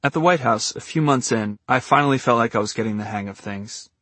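A man's voice: mid-range voice, a little fast, a bit bright, no echo. A man narrating his own memoir as an audiobook, in a wry, dryly humorous manner.

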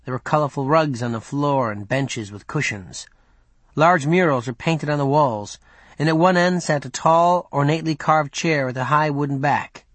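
A man's voice: on the high side, moderate pace, a bit bright, no room sound. Man narrating an audiobook, dry close voice. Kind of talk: scripted narration.

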